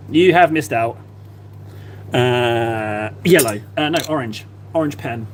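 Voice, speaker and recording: A man's voice: mid-range voice, slow, slight background noise. Chatty man, rambling stream talk. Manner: rambling, chatty, self-deprecating. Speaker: live-stream painter. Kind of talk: casual live-stream chat.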